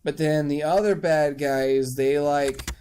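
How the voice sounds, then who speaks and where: A man's voice: fairly high pitch, fairly even intonation, takes it slowly, mellow, clear, resonant tone. A drunk young man giving a rambling, crude comic summary of a book, full of fillers.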